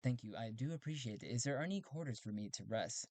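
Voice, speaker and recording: A man's voice: medium pitch, lively intonation, quick pace, darkish tone, dry recording, lightly acted. A man playing a polite, hesitant space traveler. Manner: courteous and a bit hesitant.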